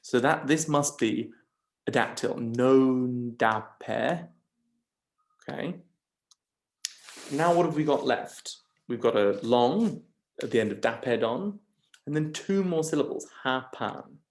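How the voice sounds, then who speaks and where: A man teaching a lesson, slowly and patiently talking through each syllable. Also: mid-range voice. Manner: slow, patient, stresses syllables one by one. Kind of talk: lecture on scanning Greek verse.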